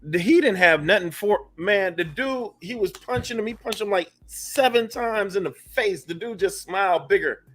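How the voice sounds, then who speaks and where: A man with a high, lively voice hosts a casual podcast. He speaks in easygoing slang and fires off quick questions. Soft music sits faintly behind him. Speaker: podcast host. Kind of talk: casual chat.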